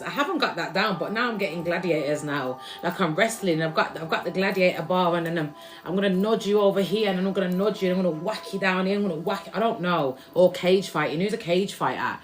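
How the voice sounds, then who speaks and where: A woman's voice: medium pitch, fairly bright tone. Brash chatty woman reading tarot live. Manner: chatty, brash, swears freely, calls listeners babes and collective. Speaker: tarot reader on a live stream. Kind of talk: casual live-stream reading.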